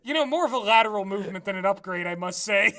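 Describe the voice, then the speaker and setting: A man's voice: high-pitched, animated, fast, sharp tone. A man co-hosting a podcast in casual chat, laughing often as he reads aloud. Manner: giggly, laughs often while reading aloud. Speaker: podcast co-host.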